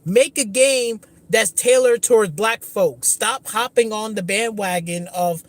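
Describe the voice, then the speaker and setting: On a gaming livestream, a host with a high-sitting voice speaks unhurriedly, barely pausing. His rant is furious and full of profanity, marked by repeated restarts.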